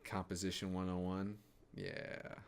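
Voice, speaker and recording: A man with a fairly low voice talks through a director's commentary on his own short film. He is laid-back and casual, trading laughing asides and exclamations with a co-host. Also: completely flat delivery, a little slow, clean tone. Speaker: filmmaker giving director's commentary.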